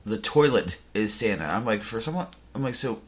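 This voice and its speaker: A man hosting a podcast, telling a casual story in a rambling way, full of restarts and deadpan jokes. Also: fairly low pitch, normal speed. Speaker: podcast host. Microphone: headphones and desk mic.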